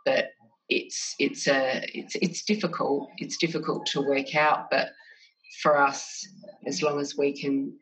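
Low, flat-voiced woman. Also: distant mic, rough recording. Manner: measured, thoughtful, with restarts. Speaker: business development manager, guest. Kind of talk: conversational interview.

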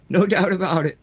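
A man tells a personal story in a loose, rambling way, circling back and restarting his sentences. His voice sits a little on the high side for a man, and he gets animated as he talks. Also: breathy edge. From South Florida. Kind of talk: casual storytelling.

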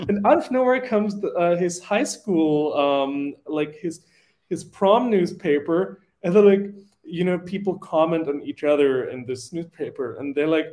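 A man from Austria co-hosting a political chat show, telling stories animatedly with lots of fillers and acted-out quotes. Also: high voice. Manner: animated storytelling, acts out quotes, many fillers. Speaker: podcast co-host.

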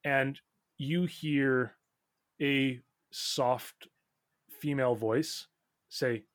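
Male game master, unhurried, lots of "uh" and "um", dead-dry mic. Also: mid-range voice, no room sound. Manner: relaxed, halting narration with many fillers. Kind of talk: narrating a tabletop game.

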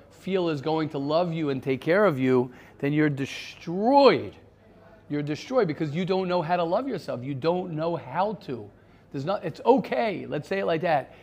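A man's voice: a little high, a little mellow. A man leads an informal Torah class. He speaks earnestly and emphatically, driving his points home by saying them again and again. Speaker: rabbi teaching a class.

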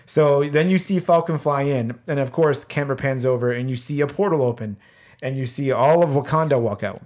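A man casually retelling movie scenes to friends, animated and swearing freely as he acts out the big moments. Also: medium pitch, a little fast. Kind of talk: casual movie recap chat.

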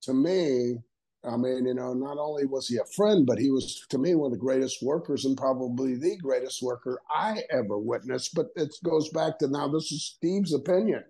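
A man's voice: mid-range voice, moderate pace, mellow, slightly rough, poor audio. An older man, a guest on an interview podcast, telling stories casually and acting out quoted dialogue with frequent laughs. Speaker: guest, retired wrestler.

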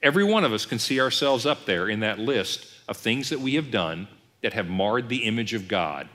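A man's voice: on the low side, moderate pace. A man preaching a sermon as pastor, acting out imagined dialogues as he teaches. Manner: animated, acts out imagined voices and dialogues. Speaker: executive pastor. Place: church sanctuary. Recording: long hall reverb.

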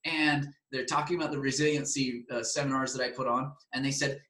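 A man hosting a talk, enthusiastically promoting his seminar in an energetic, animated way. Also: mid-range voice, a little fast, few pauses. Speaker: seminar host. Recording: roomy echo.

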